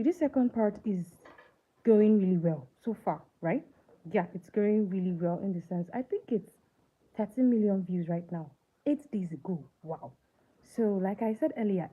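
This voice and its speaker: A woman's voice: medium pitch, husky. A woman hosting a casual live movie chat, talking to viewers and often asking them questions, with many fillers. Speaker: livestream movie reviewer. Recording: tinny phone-like line with faint hiss.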